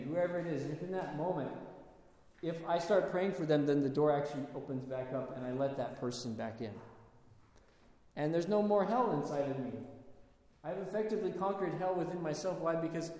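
A man's voice: fairly high pitch, brisk, mellow. A man preaching a sermon in a conversational, storytelling way, asking his listeners rhetorical questions. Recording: echoey hall.

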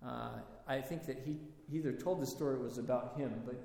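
A man giving a sermon, telling stories in a halting, conversational way with many restarts. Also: mid-range voice, creaky, warm tone. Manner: storytelling, halting with restarts and fillers. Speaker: preacher. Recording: echoey hall with long reverb.

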